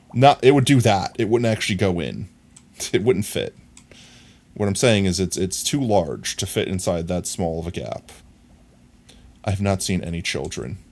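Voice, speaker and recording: A man streaming a video game live, talking to himself in excited, frantic bursts as he plays. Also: on the low side. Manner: excitable, frantic, talks to himself while playing. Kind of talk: live gameplay commentary.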